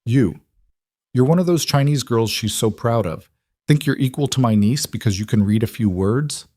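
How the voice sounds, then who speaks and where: A man's voice: medium pitch, normal speed, mellow, no room sound, clean studio sound, lightly acted. A man voicing a ruthless young male outlaw with a snarling, contemptuous way of talking, in a scripted story reading. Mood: menacing.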